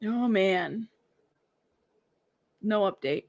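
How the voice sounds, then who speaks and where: A woman's voice: mid-range voice, expressive, drawn-out words, a little mellow, no echo, muffled recording. A woman hosting a casual live stream, talking in a sassy, teasing way and laughing often. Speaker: live-stream news host.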